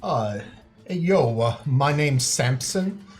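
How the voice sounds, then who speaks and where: A man's voice: mid-range voice, lively intonation, slow pace, soft background music. A man doing a cocky Jersey-style pyramid builder. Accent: New Jersey. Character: brash male pyramid builder, ancient Egypt.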